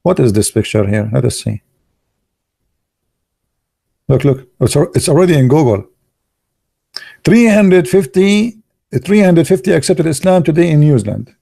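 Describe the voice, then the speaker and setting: Gravelly-voiced man. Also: fairly high pitch, lively intonation, warm tone, dry recording, clean studio sound. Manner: halting, many fillers and restarts, sarcastic asides. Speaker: online commentator. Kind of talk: casual live commentary.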